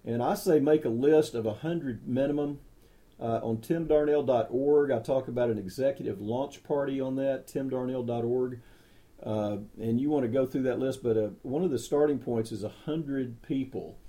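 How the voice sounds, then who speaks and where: This middle-aged man speaks in a very dark, mellow tone at an everyday pitch. He gives a motivational sales talk, direct and enthusiastic, and he hammers his main points by saying them twice. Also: normal speed. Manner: direct, enthusiastic, repeats key phrases. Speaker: network marketing leader.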